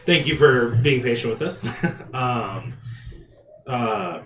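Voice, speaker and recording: A man's voice: mid-range voice, lively intonation, takes it slowly, fairly bright tone. A man narrating as game master, loose and joking, often laughing. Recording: roomy sound with music behind. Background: music.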